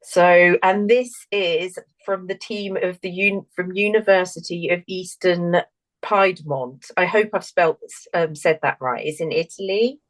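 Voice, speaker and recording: A woman's voice: on the low side, fairly even intonation, unhurried, hardly any pauses, poor audio. A woman co-hosting a casual podcast, laughing often and tripping over her words. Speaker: podcast co-host. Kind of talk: casual chat.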